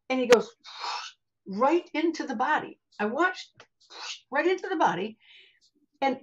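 Older american lady telling her story on a podcast, husky lowish voice, calls you honey, kinda muffled audio. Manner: chatty, calls the listener honey; animated, vivid retelling with acted asides. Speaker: podcast guest, spiritual healer. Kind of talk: personal storytelling in an interview. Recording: dull lo-fi sound.

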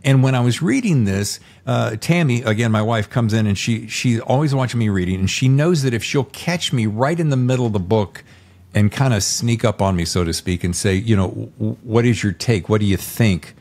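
A man's voice: medium pitch, animated, fairly quick, a little mellow. A man hosting a podcast interview, chatting in an effusive, rambling, enthusiastic way. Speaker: podcast host. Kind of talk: casual interview chat.

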